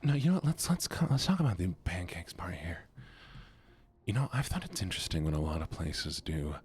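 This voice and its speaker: A man streaming a game in a soft-spoken way, chatting with his viewers in a relaxed manner. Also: low voice, brisk, breathy edge.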